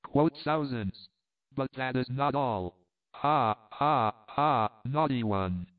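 A man's voice: medium pitch, lively intonation, slow. Man voicing coquettish countess, broken English, teasing, tinny recording. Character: flirtatious Italian countess, woman, coquettish. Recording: phone-like thin sound.

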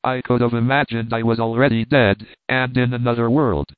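A man reading a story aloud as scripted narration, in a steady, measured way. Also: mid-range voice, smooth, dry recording. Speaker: audiobook narrator. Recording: tinny phone-like dry recording.

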